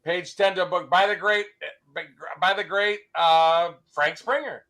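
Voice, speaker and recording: Male comic art dealer, high and very bright voice, eager pitchman. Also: steady tone, unhurried. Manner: enthusiastic salesman patter, joke-telling. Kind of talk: live sales stream chat.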